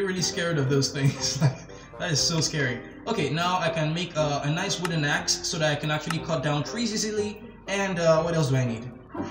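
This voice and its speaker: A young man hosting a gaming channel, narrating his game step by step in a jumpy, excitable way, quick to get scared and laugh. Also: fairly high pitch. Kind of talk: casual gameplay commentary. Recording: roomy sound with game music behind. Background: game music.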